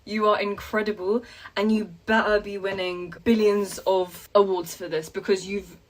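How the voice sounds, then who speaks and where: Gushing, excitable woman. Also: mid-range voice, normal speed, a little hiss or hum. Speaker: content creator reacting to a trailer. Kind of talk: excited reaction vlog.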